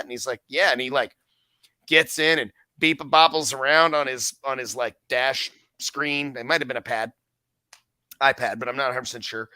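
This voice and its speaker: A man's voice: mid-range voice, brisk, no echo. A man telling stories in a casual podcast chat, swearing freely and acting out what he and others said. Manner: profane, animated storyteller who acts out his own quotes.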